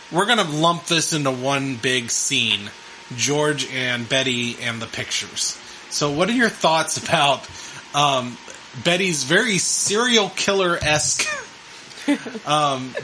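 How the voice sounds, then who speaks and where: A man's voice: a little high, pushed and bright, a little hiss or hum, low-quality recording. A middle-aged man co-hosting a casual podcast, rambling with ums and laughing often. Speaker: podcast co-host. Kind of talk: casual chat.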